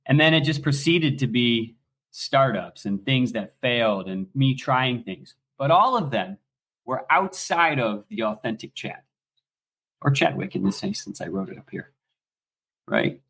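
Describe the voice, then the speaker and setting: A middle-aged American man telling stories as a podcast guest, animated and swearing freely in casual talk. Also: mid-range voice, a little slow. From United States. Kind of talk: casual storytelling.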